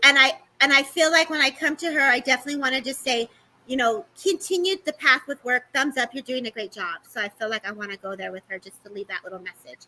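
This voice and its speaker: A woman gives a psychic reading over a live stream, her voice high in pitch and bright. She talks fast and affectionately and keeps checking in with the people she reads. A faint noise sits under the stream. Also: steady tone, rough recording. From California. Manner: fast, affectionate, addresses listeners as baby and babes. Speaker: medium giving readings. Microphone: live-stream microphone.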